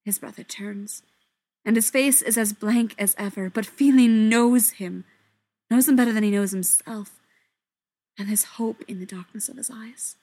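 A woman narrating a story in a soft voice that often drops to a whisper. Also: a little high, moderate pace. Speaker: story reader.

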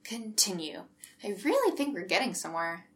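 A woman's voice: medium pitch, very animated, normal speed, close to an everyday voice. A woman reading a story aloud, voicing an eager, nosy male counselor who talks encouragingly.

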